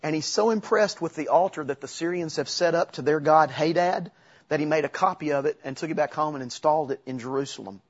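Husky man preaching a conversational sermon. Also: fairly high pitch, fast talker, dull audio. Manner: conversational, with asides and self-corrections. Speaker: pastor.

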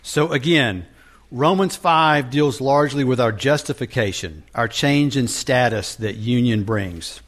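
A man preaching a sermon, teaching from scripture in a deliberate manner with frequent restarts. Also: mid-range voice, a bit bright.

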